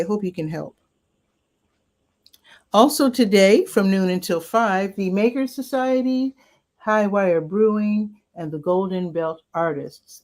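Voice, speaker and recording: Lower-voiced lady running through weekend events, chatty, voice cracking a bit. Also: darkish tone. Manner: chatty and upbeat, with asides and self-corrections. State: voice cracking now and then. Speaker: community events host. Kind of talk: casual weekend events rundown.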